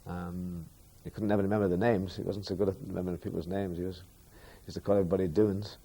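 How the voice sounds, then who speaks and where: A man in a documentary interview, speaking haltingly with many pauses. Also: sits low, flat delivery, warm tone, husky.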